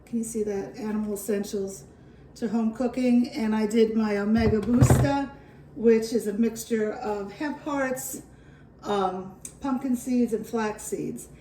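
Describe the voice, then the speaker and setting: A woman's voice: fairly high pitch, a little slow, reverberant, distant mic, background noise. A woman with a New York accent hosting a home cooking video, chatty and reassuring as she walks through a recipe. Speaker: home cooking channel host. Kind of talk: casual cooking demonstration.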